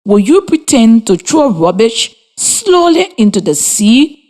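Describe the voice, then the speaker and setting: Woman radio teacher for a children's lesson, slow and sing-song, spells out words patiently. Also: on the high side, very animated, a little mellow. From Liberia. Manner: slow, clear and encouraging, spells words letter by letter. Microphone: radio studio mic.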